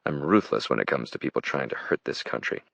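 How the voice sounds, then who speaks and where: A man voicing a calm, ambitious woman governor in an audiobook. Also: a bass voice, gravelly, no echo, dull audio, exaggerated voice. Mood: earnest. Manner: measured and calm. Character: female governor, composed and ambitious.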